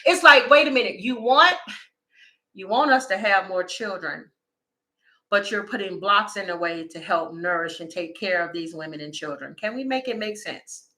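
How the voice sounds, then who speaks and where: A woman, doing a casual livestream tarot reading and talking straight to her viewers in a chatty, animated way. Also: mid-range voice, normal speed. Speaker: tarot reader.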